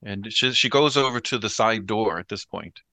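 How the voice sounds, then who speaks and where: A man's voice: lowish voice, moderate pace, pushed and bright, no room sound. A man playing a tabletop horror game, hesitantly describing his character's actions with many fillers. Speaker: player.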